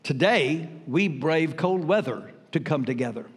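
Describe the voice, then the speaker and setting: An older man preaching a sermon as pastor, emphatic with dramatic pauses. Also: on the high side, expressive, slightly rough. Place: church sanctuary. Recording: reverberant church hall.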